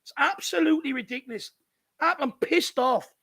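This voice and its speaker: A man's voice: extremely high pitch, lively intonation, moderate pace, sharp tone. An Irish man hosting a live football watchalong, ranting furiously and swearing at his team's defending. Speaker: fan channel host. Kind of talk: live match watchalong commentary.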